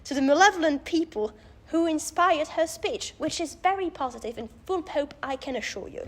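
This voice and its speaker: A woman's voice: high voice, fairly quick, a little hiss or hum. A woman finishing a public speech at a debate club event in an earnest, emphatic way.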